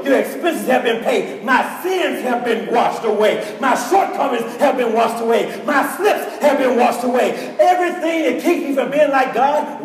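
A middle-aged man preaching a sermon with storytelling, animated and acting out conversations. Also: very high voice. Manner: animated preacher, acts out students in dialogue. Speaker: pastor. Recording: echoey hall from far off.

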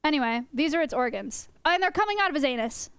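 A woman's voice: high voice, expressive, fast, fairly bright tone, no room sound. A young woman teaching her stream chat about animals in a playful, joking way, often laughing. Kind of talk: casual livestream lesson.

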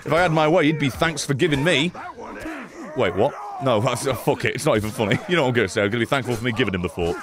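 A man streaming a game, giving excitable live commentary, swearing, laughing and yelling at the screen. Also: medium pitch, very fast, noisy background. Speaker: gaming streamer.

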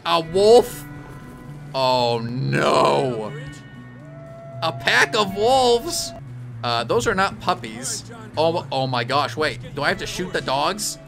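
Young man, game streamer, lively pitch, slightly high voice, jokey and animated, faint music behind. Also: gravelly. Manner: animated, jokey, yelps and apologizes loudly. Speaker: streamer playing a video game. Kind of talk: game commentary.

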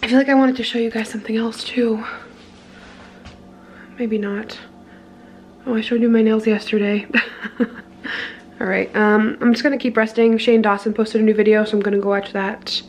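A woman's voice: a little high, little pitch movement, brisk, pauses often, darkish tone, slight background noise. A woman with a congested head cold, rambling in a casual home vlog, filling her talk with "like.". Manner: rambling, full of "like" fillers. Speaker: vlogger.

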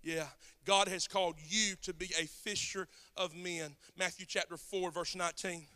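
Southern pastor preaching with high bright voice. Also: male voice, fairly even intonation, normal speed, clear, resonant tone. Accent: Southern US, South Georgia. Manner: folksy, rising to shouted preaching. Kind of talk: sermon.

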